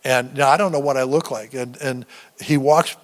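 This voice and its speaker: Older man, 70s, halting church testimony, mid-pitched voice, long hall reverb. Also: fairly even intonation. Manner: halting storytelling with many restarts. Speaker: guest speaker, veteran. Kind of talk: personal testimony sermon. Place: church sanctuary.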